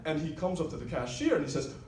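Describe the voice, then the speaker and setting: A man's voice: fairly high pitch, big pitch swings, quick pace. A young man, a cabaret singer, telling a wry comic story between songs at a live venue. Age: young adult. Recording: echoey live room, far mic, loud piano.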